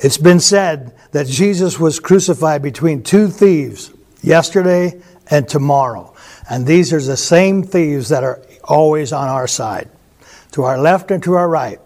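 Animated man teaching the Bible. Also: a little high, unhurried. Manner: animated, chuckling storyteller.

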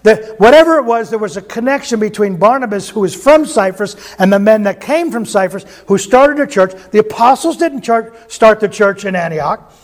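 A man's voice: high voice, animated, normal speed. A man preaching a sermon in a folksy, joking way, often asking his listeners questions. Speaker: pastor.

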